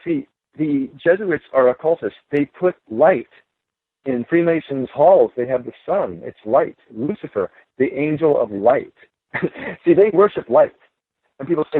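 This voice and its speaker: A man's voice: fairly high pitch, expressive, unhurried, slightly rough, no room sound. A man, a guest author, talking emphatically in a podcast conversation, laughing between his points. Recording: tinny phone line.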